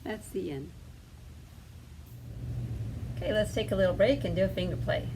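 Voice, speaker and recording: A woman librarian reading picture books aloud to children, gentle and coaxing, often asking the kids questions. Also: mid-range voice, expressive, fairly quick, long pauses, noisy background. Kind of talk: storytime read-aloud to children.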